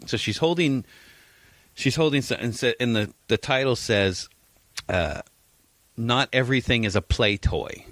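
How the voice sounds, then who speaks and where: A man's voice: mid-range voice, a little slow, pauses often, a bit bright, no room sound. A man co-hosting a casual podcast, crude and teasing, swearing freely as he tells stories. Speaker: podcast co-host. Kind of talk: casual chat.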